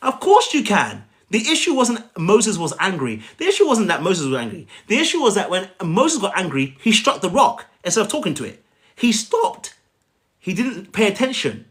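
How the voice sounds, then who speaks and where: A man's voice: sits high, huge pitch swings, normal speed, fairly bright tone. A man coaching viewers on a live stream, emphatic, often checking in with "okay?" and addressing them by name. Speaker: life coach. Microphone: phone on a live stream.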